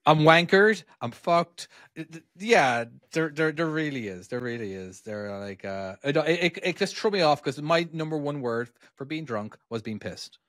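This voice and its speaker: A man's voice: fairly high pitch, lively intonation, moderate pace, fairly bright tone, no echo, clean studio sound. A man with an Irish accent, co-hosting a podcast in casual chat, rambling and starting his sentences over. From Ireland. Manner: rambling, restarts often, chuckles easily. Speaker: podcast co-host.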